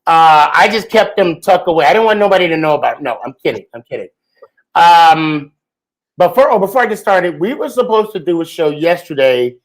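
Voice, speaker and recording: Chatty, fairly high-voiced man hosting a podcast. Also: expressive, a little fast, low-quality recording. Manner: chatty and joking, lots of fillers. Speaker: podcast host. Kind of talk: casual podcast chat.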